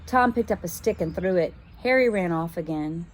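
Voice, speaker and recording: A woman teacher reading a children's chapter book aloud, expressive and now and then stopping to work out a word. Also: lowish voice, normal speed, slight background noise. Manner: expressive, stops to puzzle out words.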